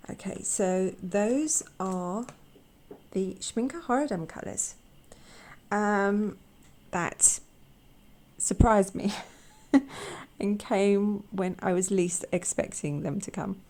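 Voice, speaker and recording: A woman hosting an art channel, chatting casually with a croaky voice, gushing and halting with repeated words. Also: medium pitch, darkish tone. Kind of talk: casual chat.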